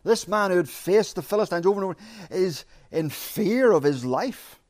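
A man preaching an expository sermon, measured and emphatic, repeating his key phrases. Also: high voice, expressive, darkish tone.

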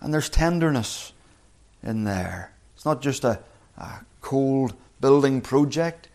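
A man preaching a sermon, earnest, slowing down and rising in pitch when quoting scripture. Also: lively intonation, a little mellow. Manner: earnest, slows and rises on scripture quotes.

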